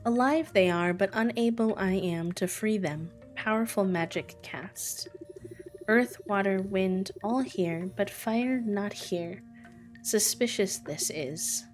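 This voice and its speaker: A woman voicing a solemn tribal chieftain from a game, reading the lines slowly in clipped, backwards phrasing. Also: mid-range voice, soft background music, lightly acted. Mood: grave. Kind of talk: reading game dialogue aloud.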